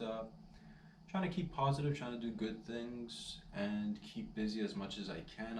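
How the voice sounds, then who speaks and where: A man's voice: lowish voice, slight background noise. Laid-back guy, roomy and distant. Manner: rambling, laid-back, says dude and man constantly. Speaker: vlogger. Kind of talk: casual storytelling vlog. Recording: roomy sound, distant mic, faint ambience.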